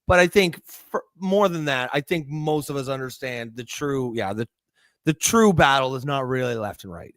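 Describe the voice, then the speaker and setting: A man's voice: medium pitch, no room sound, clean studio sound. A man co-hosting a casual political podcast, talking in rambling sentences with many restarts. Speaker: co-host.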